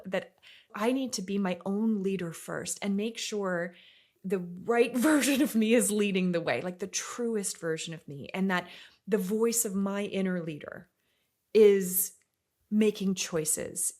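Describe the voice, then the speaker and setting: A woman's voice: mid-range voice, a little mellow. A middle-aged woman hosting a podcast, talking earnestly and reflectively, sometimes dropping to a near-whisper for emphasis and laughing easily. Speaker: podcast host and academy leader.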